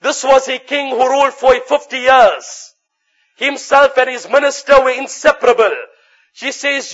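A man with a very high voice delivers a fervent sermon and moves between English and rapid chanted Arabic. The recording sounds dull and lo-fi. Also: a bit bright. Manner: impassioned, chanting Arabic recitation. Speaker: preacher.

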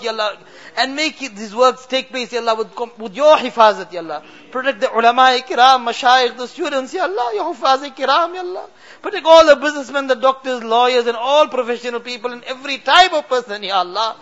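A man's voice: very high-pitched, sharp tone. A man with leading a fervent, tearful supplication, pleading with a voice that breaks into sobs. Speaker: prayer leader.

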